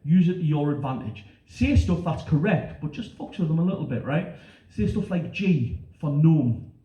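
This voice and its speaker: Brash northern English stand-up comic. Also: male voice, a little high, moderate pace, recorded from a distance. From northern England. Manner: brash, sweary storytelling with lively voices for quotes. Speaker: stand-up comedian. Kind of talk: stand-up comedy set. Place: comedy club stage. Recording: roomy, dull live-club recording with noise.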